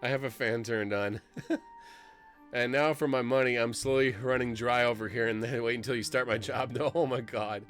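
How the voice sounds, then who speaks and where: A male streamer talking live over his game, excitable and loud at one moment and close to tears the next, his pitch swinging widely. Faint music sits in the background. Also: normal speed. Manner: excitable, swinging to tearful and emotional. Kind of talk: live-streamed gameplay commentary.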